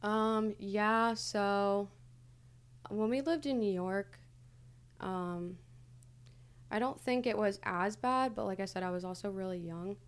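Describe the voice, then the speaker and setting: Young woman, podcast guest, candid hesitant storytelling, lots of fillers, mid-pitched. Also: slow, pauses often, clean tone. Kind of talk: casual conversational interview.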